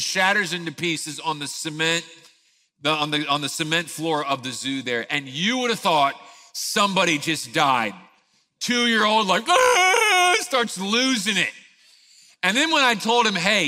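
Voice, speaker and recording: Animated pastor telling a story. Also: male voice, a little high, in a large hall. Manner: animated storyteller, acts out scenes. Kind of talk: sermon with a personal story.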